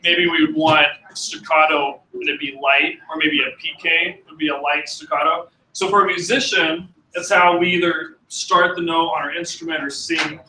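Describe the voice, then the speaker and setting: A man's voice: a little high, steady tone, sharp tone, echoey room, distant mic, slight background noise, low-quality recording. A man teaching a music class to students, talking casually with fillers and false starts. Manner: casual, halting, with many fillers. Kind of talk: classroom demonstration.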